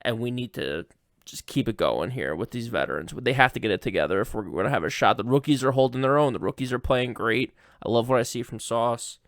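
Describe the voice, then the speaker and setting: A man's voice: medium pitch, brisk, a bit bright, dry recording, clean studio sound. A man, a video producer, giving an earnest, emphatic recap on a sports podcast.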